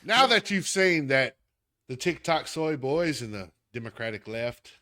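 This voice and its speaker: A podcast host with a Southern accent launches into an emphatic, heated political rant aimed straight at the listener. His voice is medium in pitch with big swings, a sharp tone, and a slightly slow pace.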